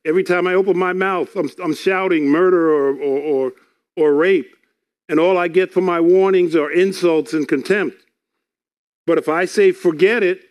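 A man preaching a sermon, reading scripture aloud and explaining it earnestly, often repeating words. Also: sits high.

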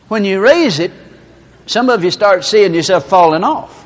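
A man's voice: sits high, expressive, moderate pace. A man preaching a sermon, telling folksy stories with laughter to illustrate his point. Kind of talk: storytelling sermon. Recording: reverberant hall.

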